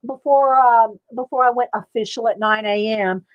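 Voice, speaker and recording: A woman's voice: on the high side, steady tone, moderate pace, highs cut off, a little hiss or hum. A woman casually chatting through an art supply haul, rambling, reading viewer comments aloud and laughing a little. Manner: frequent fillers and little laughs. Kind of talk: casual live-stream chat.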